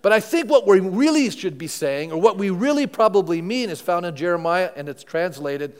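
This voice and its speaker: A man with a high voice preaching from the pulpit, conversational and full of questions to the congregation. His words trail off into the long reverb of a big church hall. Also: expressive, normal speed. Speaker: pastor. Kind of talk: sermon. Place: church sanctuary before a congregation.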